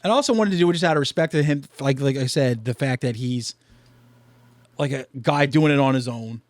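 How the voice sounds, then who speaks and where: A man's voice: medium pitch, brisk, no room sound. A man hosting a podcast in casual chat, talking loosely with lots of swearing and fillers. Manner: loose and profane, many fillers. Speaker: podcast host.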